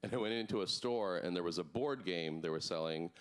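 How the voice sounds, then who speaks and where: A man doing a stand-up comedy set on a club stage, deadpan with sudden put-on voices in his bits. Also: sits low, brisk, smooth.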